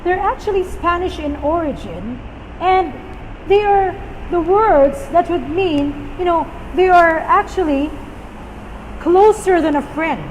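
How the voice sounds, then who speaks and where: A high-pitched woman gives a patient vocabulary lesson and repeats each word for listeners to echo. Her voice has a long reverb tail, with faint vehicle noise behind it. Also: lively intonation, slow. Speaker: storytelling teacher. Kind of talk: teaching vocabulary to viewers.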